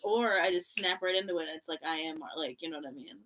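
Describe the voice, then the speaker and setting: A woman's voice: low-pitched, fast, pushed and bright, far from the mic. A woman co-hosting a casual podcast, talking hesitantly with lots of filler words. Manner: hesitant, many fillers like "like" and "I don't know". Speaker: co-host, host's wife.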